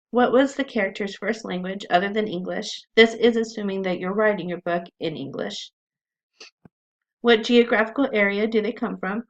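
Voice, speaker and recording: Woman teaching a writing class. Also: mid-range voice. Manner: friendly, explanatory, with frequent ums. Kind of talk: recorded class lecture. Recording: dull lo-fi recording.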